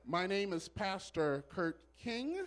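High-voiced pastor man preaching. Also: lively intonation, slow pace. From Southern California. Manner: preacherly call and response, loud exclamations. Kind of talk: church welcome speech. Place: church sanctuary.

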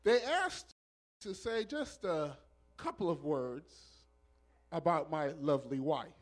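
High-voiced pastor man preaching. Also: expressive, slow pace. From Southern California. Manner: preacherly call and response, loud exclamations. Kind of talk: church welcome speech. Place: church sanctuary.

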